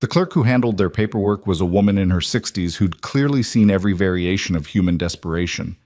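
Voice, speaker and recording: A man narrating a scripted story in an even, measured way. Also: low voice, no room sound, clean studio sound.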